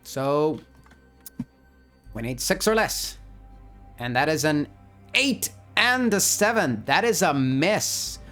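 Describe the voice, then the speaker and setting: A man plays through a solo tabletop role-playing game, reading rules and narrating events as they unfold. He reacts excitably to the dice, with a slightly high voice and a slow pace. Faint music runs in the background. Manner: excitable, laughs at dice results.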